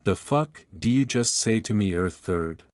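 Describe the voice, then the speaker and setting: A brash, sassy floating unicorn-horse head with a trash-talking attitude, as a man reading the story puts her on. The voice stays low and close to the mic, with a dry sound. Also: expressive, a little slow, a little mellow, dry recording.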